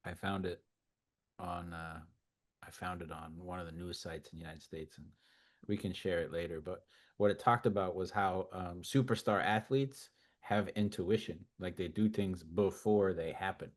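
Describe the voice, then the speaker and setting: Deep-voiced man, halting webinar talk. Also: fairly even intonation. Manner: halting, repeats words while searching for them. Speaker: webinar co-presenter.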